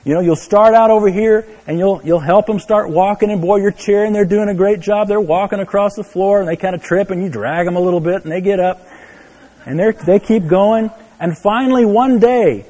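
A man preaching a sermon, telling a story to his listeners, dropping to a hush and then rising to exclaim. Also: sits high, brisk, long reverb tail. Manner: storytelling, swinging from hushed to exclaiming. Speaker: pastor.

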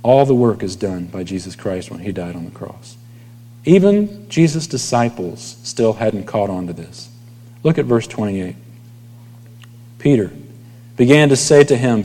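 A man's voice: on the low side, lively intonation, unhurried, long pauses, mellow. Preaching man in a reverberant hall. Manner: conversational preaching, dropping to near whispers at line ends. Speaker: pastor. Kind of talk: sermon.

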